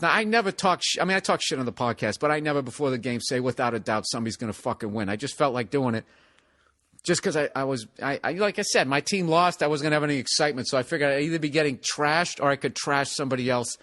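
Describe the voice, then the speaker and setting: A man's voice: on the high side, fast. Profane ranting comedian man. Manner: profane, ranting, animated storytelling. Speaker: podcast host. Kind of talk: comedic podcast monologue.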